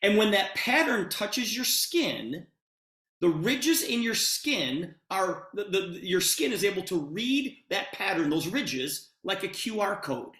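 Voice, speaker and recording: A man's voice: high voice, sing-song, slow, pushed and bright, echoey room. A man giving a sales presentation, retelling a conversation with lots of quoted dialogue. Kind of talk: storytelling sales pitch.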